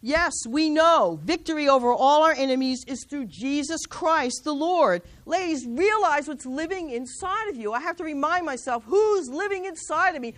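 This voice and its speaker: A high-pitched middle-aged woman delivers a sermon to a women's group. She presses her listeners with rhetorical questions and reads scripture aloud. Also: animated, moderate pace, hardly any pauses, a bit bright. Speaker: women's ministry speaker.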